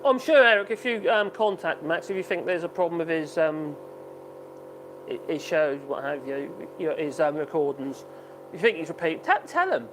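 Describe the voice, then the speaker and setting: A man's voice: fairly high pitch, animated, normal speed, background noise. A man hosting a casual live stream from his home workshop, chatting loosely and laughing often as he reads out and reacts to viewer comments.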